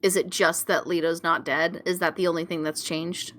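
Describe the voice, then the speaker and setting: A woman's voice: on the low side, flat delivery, normal speed, a bit bright, slight background noise. A woman player carefully explaining rules in casual tabletop game chat.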